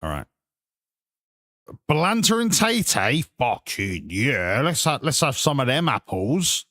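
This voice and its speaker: A man venting at his football game, swearing freely in exasperated outbursts. His voice sits a little high and swings widely in pitch as he rants. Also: sing-song, unhurried, fairly bright tone, no echo, studio quality. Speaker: gamer playing a football management game. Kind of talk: live gameplay commentary.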